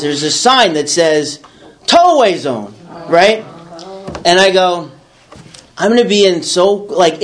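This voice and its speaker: In a voice that sits high, a man from the Bronx, New York, animatedly relates a personal story to a small audience, acting out what goes on in his head. There's slight background noise.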